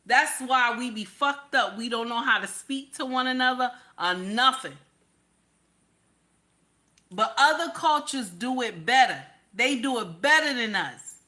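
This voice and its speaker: A woman's voice: a little high, animated, unhurried, pushed and bright. A woman host ranting in casual commentary, blunt and profane, repeating her lines for emphasis.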